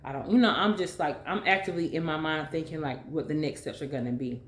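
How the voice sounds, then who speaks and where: A woman vlogger telling a dramatic story in a casual, animated way, full of fillers. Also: sits low, fast talker, reverberant, slight background noise.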